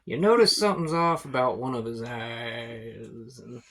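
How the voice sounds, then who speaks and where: A man's voice: medium pitch, measured pace, fairly bright tone. A man narrating a tabletop game as game master, in a laid-back, rambling way with fillers and swearing.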